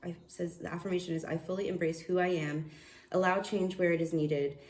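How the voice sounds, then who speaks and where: A woman giving a casual tarot reading, excitable and profane, often restarting her sentences. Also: fairly low pitch, a little fast, echoey room, a little hiss or hum. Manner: excitable, swears, laughs, trails off and restarts. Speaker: tarot reader.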